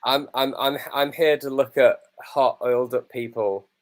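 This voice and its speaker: A man's voice: medium pitch, fairly even intonation, moderate pace. A man co-hosting a wrestling watch-along, joking cheekily and telling stories. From England. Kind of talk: casual banter.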